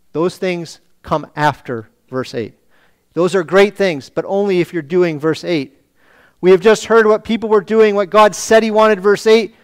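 Man, pastor, sermon, rhetorical questions, high voice, clear resonant tone. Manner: preaching with rhetorical questions, acting out voices of the people.

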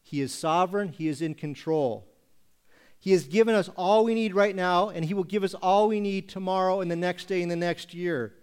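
A male pastor preaching a sermon in a church, asking rhetorical questions and slowing down to stress scripture. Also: high voice, fairly even intonation, a little mellow, clean tone.

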